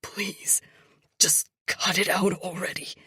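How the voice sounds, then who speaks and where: A woman's voice: mid-range voice, expressive, slow, a bit bright, slightly rough, voice pushed up, heavily acted. A woman voicing a terrified male captive with a strained, breaking, begging voice. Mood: pleading.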